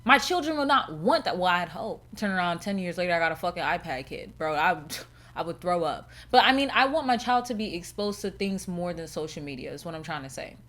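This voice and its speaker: A young woman hosting her own podcast and chatting casually on her own, blunt and profane, with laughs and lively emphasis. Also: fairly low pitch, a little fast. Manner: animated, with laughs and shifting emphasis. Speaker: podcast host. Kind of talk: casual solo podcast chat.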